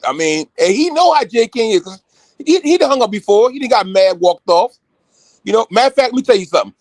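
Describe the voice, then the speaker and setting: A man talking loudly and excitedly in casual chat with rough, profane language. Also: sits high, fairly quick, no room sound. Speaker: show regular.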